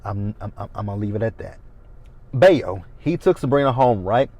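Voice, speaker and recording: A man's voice: fairly low pitch, expressive, normal speed, a little mellow, no room sound. A man in his thirties recapping a TV episode in a casual, blunt and opinionated way. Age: 30s. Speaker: TV recap host.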